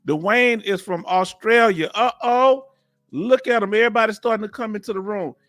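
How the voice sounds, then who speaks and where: A man's voice: high voice, moderate pace, a bit bright, dry recording, clean studio sound, soft background music. A man in his fifties from Texas with a Southern accent, hosting a casual live-stream chat and chatting in a folksy way as he reads out viewer comments. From Texas, United States. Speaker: host of a veterans live chat.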